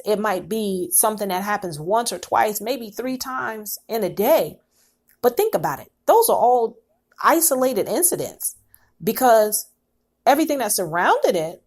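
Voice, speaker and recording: A woman's voice: medium pitch, breathy edge. A woman podcast host giving an encouraging motivational talk, with preachy repetition.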